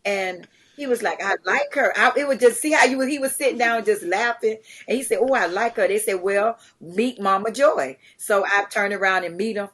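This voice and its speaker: A middle-aged woman, a charity founder, telling lively stories in a podcast interview, acting out what others said and laughing often. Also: medium pitch, normal speed, hardly any pauses. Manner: animated storyteller, acts out quotes, laughs often. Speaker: guest, community charity founder.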